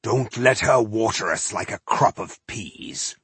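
A man voicing a gruff, boastful male dwarf warrior who talks in a blustering, commanding way. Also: fairly low pitch, measured pace, fairly bright tone, no room sound, exaggerated voice. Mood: defiant.

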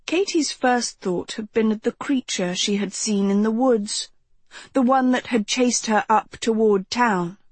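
A woman reading a novel aloud as audiobook narrator, steady and unhurried. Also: a little high, husky, dry recording. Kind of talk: scripted narration.

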